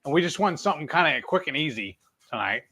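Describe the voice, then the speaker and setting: A man's voice: a little high, expressive, quick pace, pushed and bright, breathy edge. A man, co-hosting a casual cooking livestream in an easygoing, chatty way. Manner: easygoing, talks to viewers as y'all. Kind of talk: casual live-stream chat.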